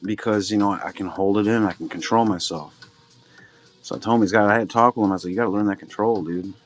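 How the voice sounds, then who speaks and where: A man's voice: lowish voice, steady tone, fast talker, faint music behind. A middle-aged man hosting a live card-break stream, chatting loosely and humming little filler sounds between remarks. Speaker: livestream card-break host. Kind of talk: casual live-stream chat.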